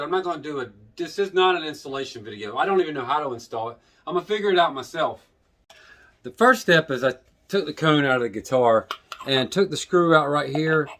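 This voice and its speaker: Regular guy rambling thru a guitar vlog, plain talk, kinda self-deprecating, voice not high not low, busy with his hands while he talks. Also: fairly bright tone. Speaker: guitar vlogger. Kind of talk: casual how-to video.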